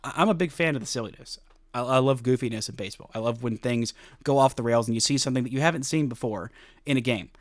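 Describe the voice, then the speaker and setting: A man's voice: mid-range voice, fast talker, no echo. A man hosting a sports podcast, talking casually and animatedly, mocking himself and laughing often. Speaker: podcast host.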